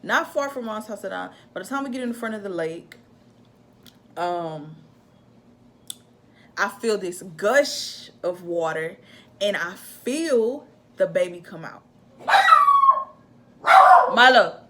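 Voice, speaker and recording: A woman's voice: mid-range voice, takes it slowly, pauses often, a little hiss or hum. Chatty young woman telling a story. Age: young adult. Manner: animated, chatty, acts out her own shouts in quotes. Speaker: vlogger telling a birth story. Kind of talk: casual storytime chat.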